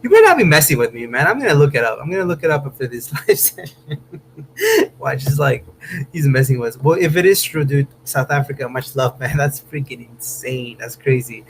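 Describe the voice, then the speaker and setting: A man's voice: mid-range voice, lively intonation, brisk, poor audio. Casual male streamer from Southern California, easygoing and chatty, faint hum under the voice. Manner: laid-back, chatty, says "man" and "bro" a lot, bursts of laughter. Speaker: host of a car channel livestream. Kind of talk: casual live-stream chat reading viewer comments. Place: home room.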